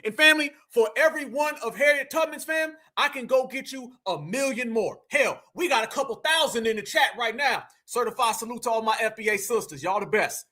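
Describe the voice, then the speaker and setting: A man's voice: very high voice, animated, fairly quick, few pauses, pushed and bright. A man hosting a live stream, preaching to his audience in a fired-up, hyped way. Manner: preachy, hyped, addresses chat as family. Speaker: livestream host. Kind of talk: fiery live stream commentary.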